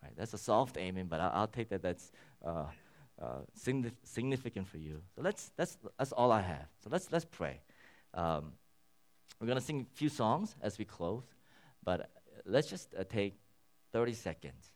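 Man preaching, lively rising and falling pitch, earnest and emphatic, drops to a near hush at times. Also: moderate pace. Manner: earnest, swings between loud emphatic peaks and soft low passages. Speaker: pastor. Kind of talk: sermon.

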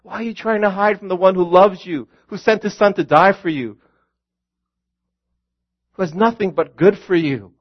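A man voicing God as a gentle caller, asking slow, soft questions within a sermon. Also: sits high, highs cut off. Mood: tender. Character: God calling gently to hiding humans.

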